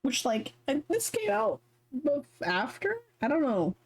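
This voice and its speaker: A woman's voice: high-pitched, sing-song, measured pace. Giggly rambling woman streamer. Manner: giggly, rambling, self-deprecating. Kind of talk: casual chat while playing a game.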